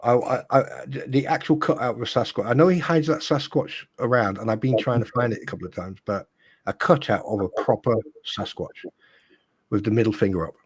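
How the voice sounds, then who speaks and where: Husky man chatting casually. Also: mid-range voice, fairly quick. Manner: rambling, teasing, with frequent fillers. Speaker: co-host. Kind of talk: casual live-stream chat.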